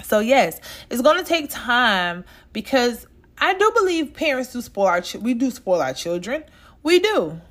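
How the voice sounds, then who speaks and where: A woman's voice: fairly high pitch, sing-song, unhurried, fairly bright tone. A woman from the States, hosting a casual podcast monologue and talking straight to her listeners. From Southern United States. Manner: chatty and direct, talks straight to listeners as "y'all". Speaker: podcast host.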